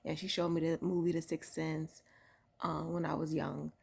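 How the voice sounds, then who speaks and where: A woman casually telling a personal spiritual story indoors, keeping her voice low and soft so she doesn't wake her sleeping son. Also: level tone, moderate pace, gravelly, husky. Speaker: vlogger sharing a spiritual testimony. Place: indoor room at home.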